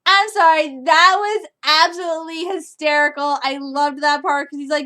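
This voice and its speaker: A woman in her twenties from Michigan gushing casually about a movie trailer in a reaction video, excitable and quick to laugh. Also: high-pitched, soft background music. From Michigan, USA.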